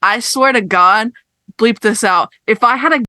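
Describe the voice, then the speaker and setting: A young woman co-hosting a podcast, telling a story in casual chat, animated and exasperated, swearing as she rants. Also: on the high side, unhurried, no echo. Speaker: podcast co-host.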